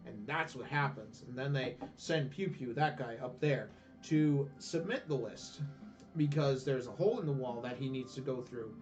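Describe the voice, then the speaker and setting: A man's voice: medium pitch, normal speed, darkish tone. A man rambling through an irreverent recap of a game's story, full of "uh"s and "and then"s. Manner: rambling, irreverent, filler-heavy. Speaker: let's player. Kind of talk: casual game story recap. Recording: distant dull lo-fi recording with faint music.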